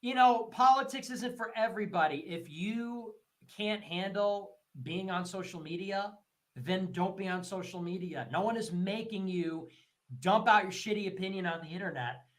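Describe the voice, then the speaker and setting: Heated and profane, this man runs a livestream where he circles back over his points and imitates others in shrill, mocking voices. He talks at a moderate pace with a fairly bright tone.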